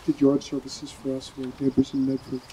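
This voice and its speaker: A man's voice: medium pitch, monotone, brisk, warm tone, slight background noise, rough recording. A man from New York giving an informal funeral eulogy, hesitant and with fillers. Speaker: eulogy speaker, neighbor.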